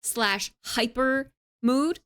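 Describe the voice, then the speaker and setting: With a clean tone and a fairly high pitch, a young adult woman streamer draws out her words while casually going through her live chat. Bubbly and animated, she answers viewers and says "like" frequently.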